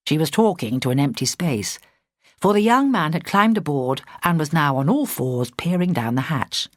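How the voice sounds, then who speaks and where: A woman narrating a story in a measured storytelling voice, close to a studio mic. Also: low-pitched, sing-song, no echo. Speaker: audiobook narrator. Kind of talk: scripted narration.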